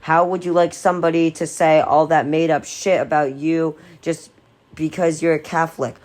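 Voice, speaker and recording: A woman's voice: low-pitched, flat delivery, moderate pace, a little mellow, natural voice. A woman reading the lines of an earnest young boy in a novel.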